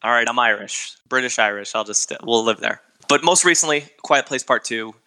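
A man's voice: medium pitch, normal speed, bright, forceful tone. A man hosting a casual film podcast, who talks in a laid-back, joking way as he sums up an actress's recent movies. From Michigan. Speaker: podcast host. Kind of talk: casual chat.

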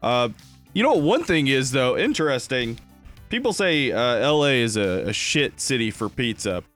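A young man co-hosting a podcast in casual chat. He tells relaxed, joking stories and now and then slips into a mock Russian voice for a laugh. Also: mid-range voice, moderate pace, soft background music. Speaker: podcast co-host. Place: Los Angeles.

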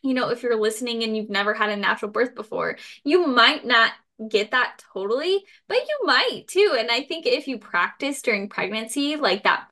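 A woman's voice: fairly high pitch, expressive, moderate pace, hardly any pauses, bright, forceful tone. A woman hosting a podcast, talking in a reflective way and speaking straight to her listeners. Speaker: podcast host. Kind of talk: casual chat.

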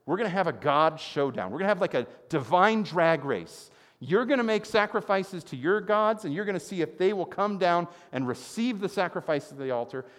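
A man voicing a prophet who mocks and taunts his rivals in a raised, lively voice. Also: high voice, a little fast, few pauses, pitched above the performer's own voice. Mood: challenging. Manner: mocking, taunting. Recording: long hall reverb.

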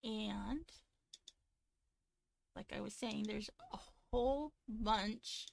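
A woman's voice: mid-range voice, very slow, gravelly, no room sound. A woman co-hosting a podcast, chatting casually, laughing often and reading sponsor copy with some stumbles. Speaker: podcast co-host. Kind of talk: casual chat with a read sponsor ad.

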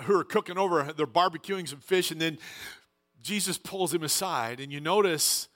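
A man preaching a sermon as a pastor, emphatic, building up in pitch and loudness for emphasis, with frequent restarts.

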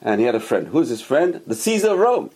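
A man giving a religious Torah class, emphatic and repetitive, rising sharply on stressed words and dropping low on asides. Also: sing-song, fairly quick, a little mellow, breathy edge. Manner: emphatic, repeats key phrases. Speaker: religious teacher.

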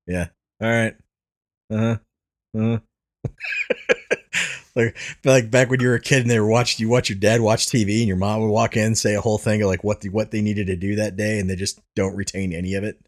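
A man's voice: fairly low pitch, fairly even intonation, a little fast. A man hosting a casual podcast, laughing often, swearing freely and rambling through restarts. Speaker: podcast host.

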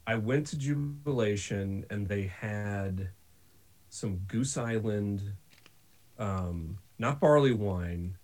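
A man telling stories in a casual podcast chat, animated and laughing often. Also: fairly low pitch, slow.

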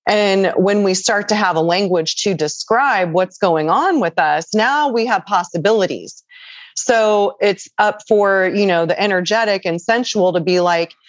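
A woman's voice: medium pitch, a little slow, dry recording. A woman guest on a podcast conversation, explaining in an earnest, patient way. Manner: earnest, explanatory, acts out quoted voices. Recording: dull, dry lo-fi audio.

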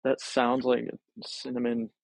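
A man's voice: mid-range voice, completely flat delivery, a little slow, creaky, dry recording, low-quality recording. A man co-hosting a podcast in easygoing, rambling casual chat with casual swearing. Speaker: podcast co-host.

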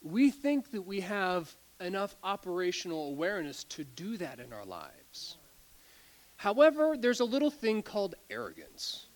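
High-voiced pastor man, animated sermon. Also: moderate pace. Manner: animated storytelling, stumbles and repeats words, laughs often.

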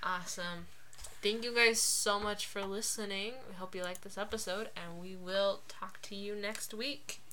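Casual podcast co-host, female, talkative and giggly, bright tone, light background noise. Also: mid-range voice, steady tone, moderate pace. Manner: chatty, laughs often, rambling asides. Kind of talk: casual chat.

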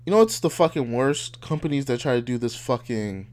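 A man's voice: mid-range voice, lively intonation, a little fast, darkish tone. A man in his twenties hosting a podcast, ranting casually in a blunt, heated, profane way. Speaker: podcast host. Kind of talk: casual rant.

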